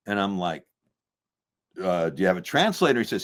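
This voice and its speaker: A man's voice: low-pitched, a little fast, long pauses. An older man, a filmmaker and musician, telling a long anecdote in an interview and acting out the people he quotes. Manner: animated storyteller acting out quoted voices. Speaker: filmmaker guest.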